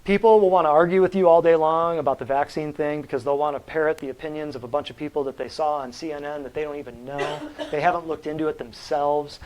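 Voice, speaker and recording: A man's voice: on the high side, steady tone, fast, few pauses, a little mellow, slight background noise, poor audio. A man giving a natural health talk to a live audience, blunt and combative, quizzing the room with questions.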